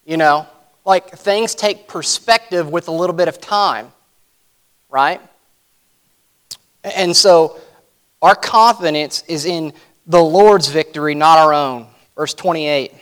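A man's voice: high voice, unhurried, fairly bright tone. A man preaching a sermon in a conversational way, repeating himself and adding folksy asides. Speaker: pastor.

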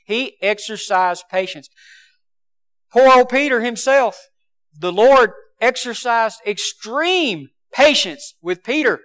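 Man, preacher, sermon, high voice, passionate, loud then hushed. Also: animated, takes it slowly, clean tone. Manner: impassioned, swinging between loud emphasis and quiet asides.

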